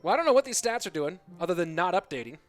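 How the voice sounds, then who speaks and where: A man casting a video game tournament on a live stream, chatty and excitable, talking to his chat between matches. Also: high-pitched, very fast. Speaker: esports caster. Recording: music bed behind voice.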